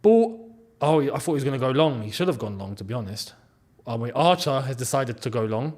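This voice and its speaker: A man hosting a live football watchalong, talking through the match and shouting when something big happens. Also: mid-range voice, brisk. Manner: excitable, swings between muttering and shouting at goals.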